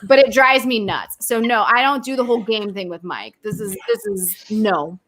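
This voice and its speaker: A woman talking as a podcast guest, telling animated, profane stories in a casual chat. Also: mid-range voice, normal speed. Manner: animated, profane storytelling with frequent laughs.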